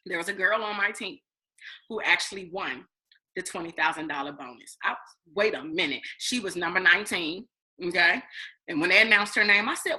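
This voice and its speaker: Bright animated woman telling a story. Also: medium pitch, normal speed, rough recording. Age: 30s. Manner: animated storytelling, acts out her past self, addresses viewers as y'all. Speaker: network marketing distributor. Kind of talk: casual testimonial vlog.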